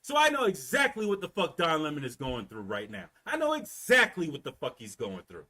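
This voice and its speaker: High-voiced, fired-up man. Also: fairly quick. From Florida, US South. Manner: animated, profane, repeats words. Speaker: commentator. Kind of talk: casual storytelling rant.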